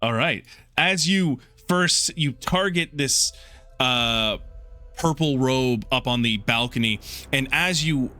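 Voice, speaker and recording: Bright-voiced man running a tabletop game. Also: mid-range voice, faint music behind. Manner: loose, halting narration with many restarts. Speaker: game master.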